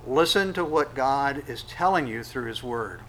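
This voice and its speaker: A man preaching a sermon, conversational, with sudden loud acted-out quotes. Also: medium pitch, animated, a little slow, a little hiss or hum, low-quality recording. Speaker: pastor.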